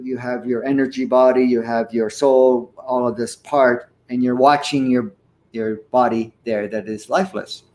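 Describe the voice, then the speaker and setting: A man in his sixties, an interview guest telling a personal story in an earnest, animated way with the odd chuckle. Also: mid-range voice. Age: 60s. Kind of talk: conversational storytelling.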